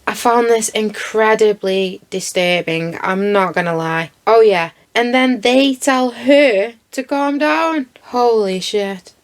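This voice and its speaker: A woman giving blunt, indignant commentary over video footage and swearing freely. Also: mid-range voice. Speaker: true crime commentator.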